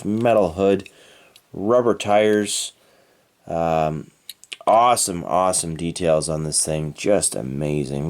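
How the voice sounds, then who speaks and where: A man's voice: low voice, a little mellow. A man from Canada narrating an unboxing of die-cast toy cars with enthusiastic, playful exclamations. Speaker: toy car reviewer.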